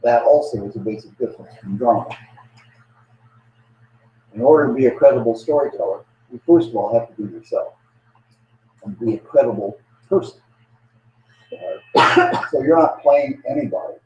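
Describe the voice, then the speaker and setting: A man presenting a lecture on biblical storytelling, speaking haltingly with frequent fillers. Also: mid-range voice, darkish tone. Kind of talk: lecture to a live audience. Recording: dull, distant, echoey room sound.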